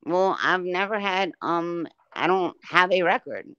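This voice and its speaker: A woman's voice: fairly low pitch, measured pace, sharp tone, clean tone, no echo, dull audio. A woman on a casual livestream chat, blunt and profane as she rants. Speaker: livestream guest.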